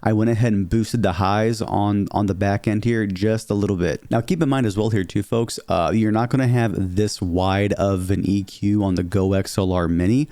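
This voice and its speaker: Low mellow guy rambling thru his mic settings, lots of "okay?" and "uh", smooth close dry sound. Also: fairly even intonation, normal speed, few pauses, no echo. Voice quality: lower register, somewhat muddy midtones. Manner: chatty, filler-heavy, keeps saying "okay?" and "here". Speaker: streamer explaining audio settings. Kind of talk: casual tutorial. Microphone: dynamic studio mic, close.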